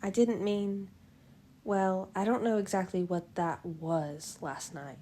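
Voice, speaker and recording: A woman reading the part of an anxious, sheepish young newlywed woman, speaking softly and timidly. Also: mid-range voice, fairly even intonation, slow pace, slight background noise, lightly acted.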